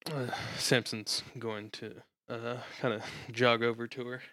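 A man's voice: medium pitch, little pitch movement, a little slow, pushed and bright, no room sound, clean studio sound. A man chatting casually as a tabletop game player, rambling and swearing freely.

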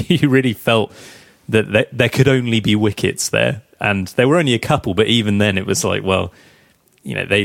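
A man's voice: fairly low pitch, gravelly, dry recording, clean studio sound. A man co-hosting a casual cricket podcast, chatty and teasing, often laughing while he talks. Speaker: podcast co-host.

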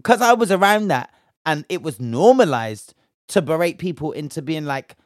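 A man's voice: a little high, animated, normal speed, no echo, studio quality. A young British man from Bristol giving a heated, slang-filled commentary rant, indignant and emphatic. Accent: British English. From Bristol, England.

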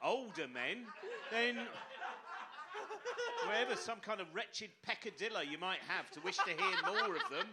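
A man's voice: sits high, very animated, moderate pace, creaky, heavy background noise. A man, a comedian on a live panel, talking in wordy, ornate, mock-grand riffs. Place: live venue with audience.

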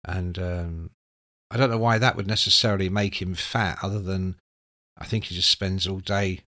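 A man, a music journalist telling anecdotes in a casual, animated way, swearing freely. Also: sits low, normal speed, no room sound, clean studio sound. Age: 60s. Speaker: music journalist and podcast host.

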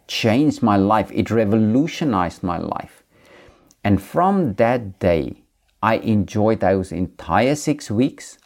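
Earnest, low-voiced African preacher. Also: male voice, a little mellow. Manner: earnest, unhurried, repeats words as he goes. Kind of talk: sermon with personal testimony.

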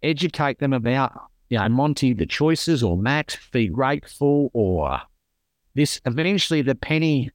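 A man's voice: mid-range voice, expressive, a little slow, dry recording, studio quality. A middle-aged man with an Australian accent, a podcast guest telling stories in an earnest, rambling way. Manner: earnest storytelling, repeats himself. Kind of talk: casual conversation.

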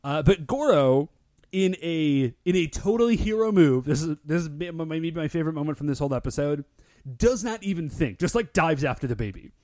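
Animated, high-voiced male podcast co-host. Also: moderate pace, no room sound, clean studio sound. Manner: excitable, filler-heavy with lots of "like". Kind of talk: casual recap chat.

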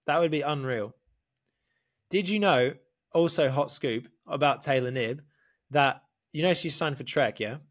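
A man telling a story in casual podcast chat, animated, swearing often and calling the listener mate. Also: mid-range voice, a little slow. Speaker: podcast guest.

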